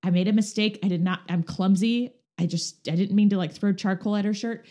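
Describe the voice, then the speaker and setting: A woman's voice: medium pitch, a little fast. A woman talking casually, telling stories animatedly and acting out what people said. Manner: animated, acts out quoted dialogue. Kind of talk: casual conversational storytelling.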